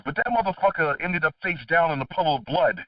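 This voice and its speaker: A middle-aged man hosting a podcast, talking in a casual, animated way, swearing freely and laughing between his points. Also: a little high, quick pace, no echo. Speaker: podcast host. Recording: dull distant lo-fi dry recording.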